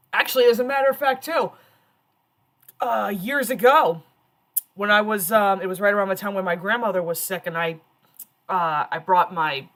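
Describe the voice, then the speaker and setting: A woman in her thirties hosting a casual stream, telling stories in an animated, chatty way. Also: mid-range voice. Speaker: streamer host.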